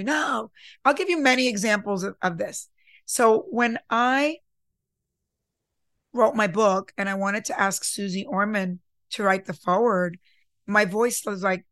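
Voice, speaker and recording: A woman's voice: mid-range voice, a bit bright, dry recording. A woman hosting a podcast, talking in an earnest, reflective way about confidence and sometimes acting out her inner voice. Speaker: podcast host. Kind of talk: casual motivational talk.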